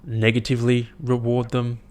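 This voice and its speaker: A young man hosting his own podcast, chatting in a rambling, profane, animated way as he tells stories. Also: mid-range voice, normal speed. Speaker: podcast host. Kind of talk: casual solo podcast chat.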